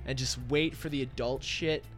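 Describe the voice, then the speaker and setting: Animated, foul-mouthed podcast host, man. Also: medium pitch, faint music behind. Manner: animated, swearing, quick jokes. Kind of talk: casual chat.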